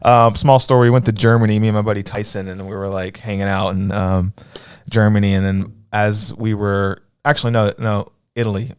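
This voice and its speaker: A man with a light Texan accent co-hosting a casual livestream chat, joking and telling animated stories. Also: fairly low pitch, brisk, clear, resonant tone, no echo, clean studio sound. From Texas. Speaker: livestream co-host.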